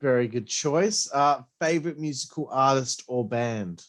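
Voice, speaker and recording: A man's voice: mid-range voice, unhurried, a bit bright. A man hosting a podcast, asking short questions and reacting briefly. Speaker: podcast host. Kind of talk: casual podcast interview.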